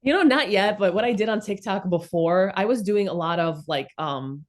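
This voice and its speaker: A woman in her thirties with a New York accent, originally from the former Soviet Union, chatting as an interview guest in an animated, emphatic, blunt way. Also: medium pitch, normal speed. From former Soviet Union, raised in New York City. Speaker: guest, comedian and content creator. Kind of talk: casual interview chat.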